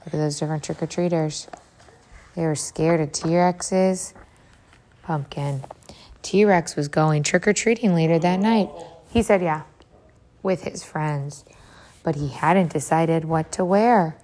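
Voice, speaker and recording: A woman reading a picture book aloud to young children, animated, pausing to ask them questions. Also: sits low. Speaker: reader to children.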